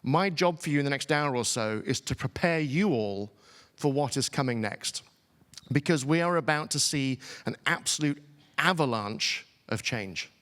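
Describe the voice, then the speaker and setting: A man's voice: medium pitch, lively intonation, moderate pace, fairly bright tone. A middle-aged man with a British accent giving a conversational, self-deprecating keynote talk to a conference audience. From England. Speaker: keynote speaker. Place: large conference hall. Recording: hall reverb, heard from a distance.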